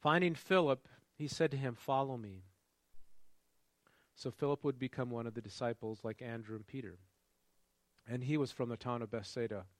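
A man's voice: mid-range voice, a little fast, dry recording. A man preaching a sermon in a conversational way, often asking the congregation questions. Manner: engaging, quizzes the congregation. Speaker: pastor.

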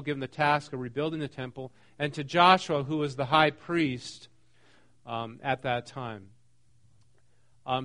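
Man teaching a conversational sermon, higher-pitched. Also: fairly bright tone. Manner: conversational, asks the room questions, frequent ums. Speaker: pastor.

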